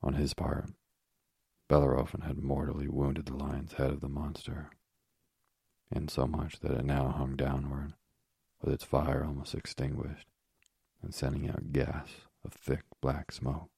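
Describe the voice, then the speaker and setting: A man reading a storybook aloud as narrator with a measured, even delivery. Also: rumbling low, gravelly, breathy edge, no echo, studio quality.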